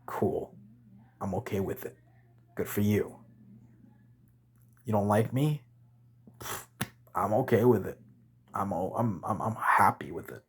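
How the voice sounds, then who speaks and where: A man's voice: lowish voice, expressive, a little slow, long pauses, breathy edge. A man vlogging a blunt, rambling rant to camera, swearing and correcting himself as he goes.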